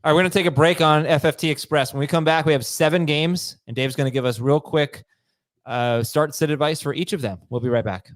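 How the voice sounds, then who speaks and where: A man hosting a fantasy football show, briskly steering the talk from one segment to the next. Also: on the high side, fairly even intonation, no room sound, studio quality. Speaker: podcast host.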